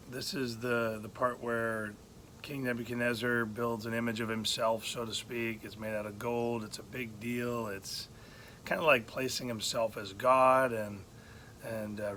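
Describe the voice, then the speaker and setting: Bright-voiced pastor retelling a Bible story. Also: male voice, mid-range voice, a little hiss or hum. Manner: conversational, many fillers and restarts.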